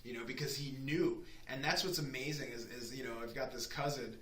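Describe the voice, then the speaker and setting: Animated storytelling man, bright voice. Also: mid-range voice, fairly quick. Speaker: chef and guest. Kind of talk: casual chat. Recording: echoey room with faint noise.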